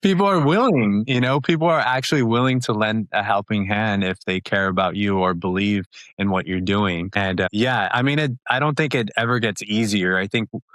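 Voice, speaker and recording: A man in his thirties, an upbeat and chatty interview guest who talks quickly with many fillers and laughs. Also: fairly low pitch, fairly bright tone, no echo. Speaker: podcast guest. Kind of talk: casual interview talk.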